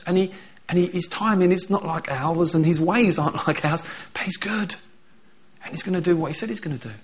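A man preaching with lively energy, slipping into small acted voices for the people in his story and laughing as he goes. His voice sits a little higher than most men's. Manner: animated, acts out quoted voices, laughs often. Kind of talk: sermon.

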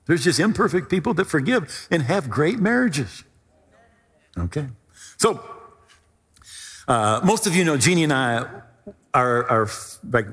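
A middle-aged male pastor preaching a sermon, telling a personal story with animated emphasis. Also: mid-range voice, slightly rough, long reverb tail.

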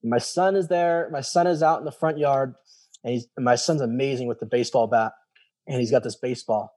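A man in his thirties tells his story in a casual interview. His voice is mellow and warm, and he acts out the people he quotes. He swears casually as he talks. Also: medium pitch, brisk. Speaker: guest, former special operations soldier.

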